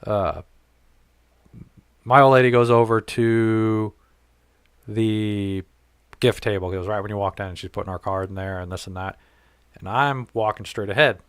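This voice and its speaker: A man's voice: on the low side, moderate pace, long pauses, smooth, no room sound, studio quality. Profane storytelling podcast host, man. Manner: profane, animated, acts out quoted dialogue. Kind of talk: casual storytelling chat.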